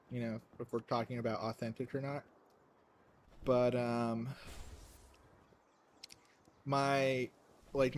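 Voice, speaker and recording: A man's voice: mid-range voice, a little hiss or hum. Chatty, rambling man on a game stream. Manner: rambling and chatty, laughs often, many fillers. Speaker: livestreamer playing a game. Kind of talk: casual game-stream chat.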